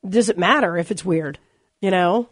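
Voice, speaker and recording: A woman hosting a radio talk show, chatty and quick to react to her guest. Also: fairly low pitch, no echo, studio quality. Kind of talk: radio interview.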